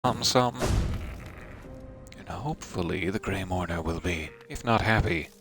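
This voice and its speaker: A man's voice: sits low, moderate pace, music in the background. A young man casually commenting while he plays a game, playful, theatrical and self-mocking. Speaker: game streamer.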